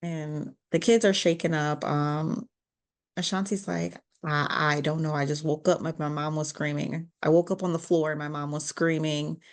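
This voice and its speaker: A woman co-hosting a podcast, retelling a movie's scenes in a casual, animated way, full of "like" and acted-out quotes. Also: sits low, normal speed. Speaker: podcast co-host. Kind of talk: casual movie recap chat.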